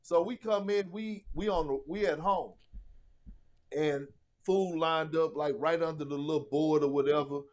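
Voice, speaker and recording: Animated, profane man telling stories. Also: a little high, moderate pace. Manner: animated, profane, acts out quotes. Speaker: podcast guest. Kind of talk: casual storytelling.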